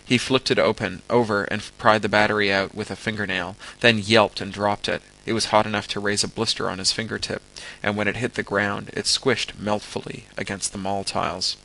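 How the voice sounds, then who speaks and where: A man reading a story aloud as an amateur audiobook, steady with occasional stumbles. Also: on the low side, a little fast, gravelly, rough recording. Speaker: narrator.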